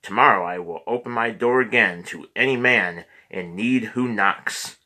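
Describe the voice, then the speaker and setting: A man reading the lines of a steadfast old father with white hair, speaking evenly and clearly. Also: mid-range voice, moderate pace. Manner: even and clear.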